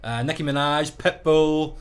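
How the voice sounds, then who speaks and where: A man's voice: a little high, steady tone, measured pace, clean tone. A man with a Northern Irish Ballymena accent, co-hosting a podcast as a wedding DJ, telling stories and laughing easily. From Northern Ireland. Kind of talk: casual chat.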